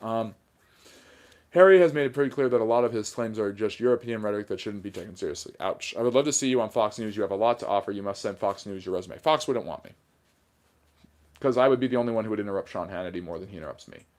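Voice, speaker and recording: With a fairly low, darkish voice and a fast pace, this livestream host reads chat messages out loud and responds to them. He's plainspoken, a bit sarcastic and mildly argumentative.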